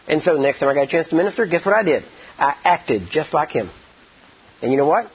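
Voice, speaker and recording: A man preaching a sermon, rambling with many "I mean" and "you know", acting out quoted speech and slowing down to stress scripture. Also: a little high, lively intonation, breathy edge. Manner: slows down and stresses words when teaching scripture. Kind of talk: sermon with storytelling. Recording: dull lo-fi recording.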